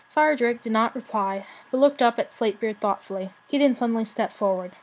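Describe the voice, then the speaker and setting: A woman reading a children's novel aloud as narrator, in a steady, clear manner. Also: a little high, a little fast, hardly any pauses, low-quality recording. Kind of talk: storybook narration.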